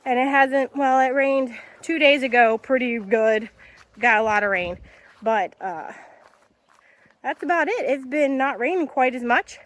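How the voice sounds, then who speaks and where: A woman's voice: high-pitched, fairly even intonation, unhurried. A woman vlogging outdoors on a farm. She coaxes her animals in a sing-song voice and chats plainly to the camera. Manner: chatty, down-to-earth. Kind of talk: casual vlog narration.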